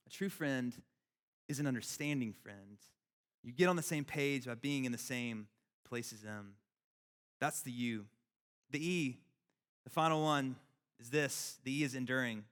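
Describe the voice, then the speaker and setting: A man preaching a sermon as a pastor, animated and conversational, repeating his phrases. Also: mid-range voice, moderate pace, pauses often. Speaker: youth pastor. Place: church hall. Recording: echoey hall.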